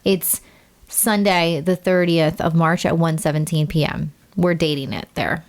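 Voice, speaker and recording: A woman with a somewhat low voice, co-hosting a casual podcast chat. She is curious and teasing, and keeps asking questions and pushing for honest answers. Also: steady tone, unhurried. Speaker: podcast co-host.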